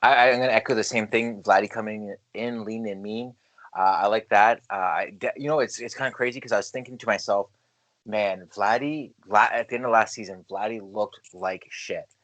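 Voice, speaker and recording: A man co-hosting a casual sports podcast, hyped and loud on the intros. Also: lowish voice, fairly even intonation, a little fast. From Canada. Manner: hyped, shouty announcer-style intros. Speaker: podcast co-host.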